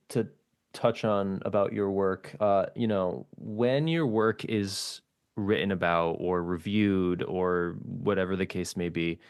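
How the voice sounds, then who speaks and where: Male host, very low voice, thoughtful questioner, dry close mic. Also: dry recording. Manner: hesitant, many fillers and restarts. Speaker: podcast host. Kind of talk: interview questions.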